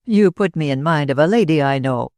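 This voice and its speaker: A man voicing a puzzled, touchy young gentleman who asks clipped, wary questions. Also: a little high, expressive, a little fast, no echo.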